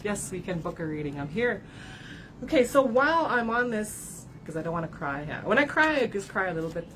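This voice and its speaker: A woman's voice: fairly low pitch, expressive, a little fast, a little hiss or hum, low-quality recording. A woman giving a card reading to her followers, talking candidly, swearing and often tagging her sentences with "right?", at times close to tears. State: tearful at times. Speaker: card reader and spiritual advisor. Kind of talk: emotional livestream talk to followers.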